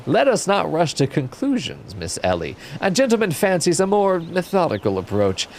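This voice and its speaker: Pompous gentleman detective, game voice, theatrical, swooping pitch, as a man puts it on. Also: huge pitch swings, normal speed, a little hiss or hum. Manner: grandiloquent, theatrical. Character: pompous flamboyant male gentleman inspector.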